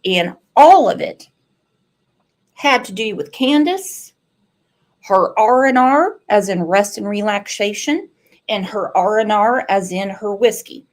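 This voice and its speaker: A woman's voice: mid-range voice, lively intonation, takes it slowly. A woman, a true crime commentator telling sarcastic, profane stories in casual chat. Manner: salty, sarcastic storytelling with swearing.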